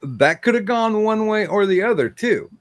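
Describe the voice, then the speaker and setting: A man hosting a casual livestream chat, talking in a halting way with many fillers and restarts. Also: sits high, lively intonation, no room sound, studio quality. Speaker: stream host.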